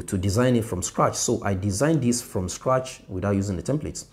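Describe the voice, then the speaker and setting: Man with a lowish voice, loose and repetitive, teaching design on a phone. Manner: loose, repetitive, self-correcting, laughs softly. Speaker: design tutor. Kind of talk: casual screen-share design tutorial.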